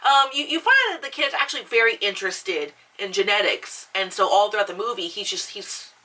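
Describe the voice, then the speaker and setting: A woman's voice: medium pitch, fairly quick, sharp tone, distant mic. A young woman vlogger ranting casually about a film, swearing often, full of fillers and restarts. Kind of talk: casual rant.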